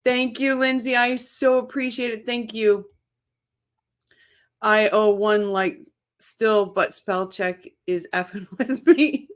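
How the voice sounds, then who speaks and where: A woman hosting a casual livestream, chatting excitedly, laughing often and reading viewer comments aloud. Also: fairly high pitch, slow. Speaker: livestream host. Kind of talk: casual live-chat commentary.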